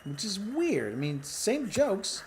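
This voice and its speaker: Rambling man with a lively, swinging voice. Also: high-pitched, slow, slight background noise. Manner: musing, self-interrupting, clears throat often. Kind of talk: rambling stand-up comedy monologue.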